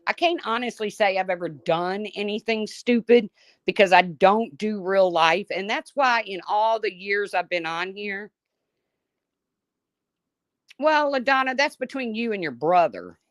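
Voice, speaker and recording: A woman's voice: medium pitch, no room sound, clean studio sound. A middle-aged woman hosting a live chat, talking bluntly and swearing freely, reading viewers' names aloud between folksy stories. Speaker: livestream host. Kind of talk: casual live chat, storytelling.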